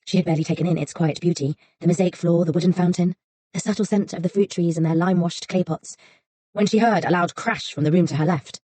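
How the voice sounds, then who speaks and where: Low, husky woman narrating an audiobook. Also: steady tone, fast, dark tone.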